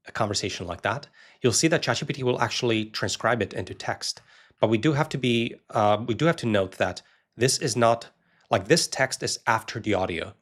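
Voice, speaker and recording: A man giving a casual, relaxed tech explainer, talking loosely with fillers. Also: on the low side. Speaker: lecturer.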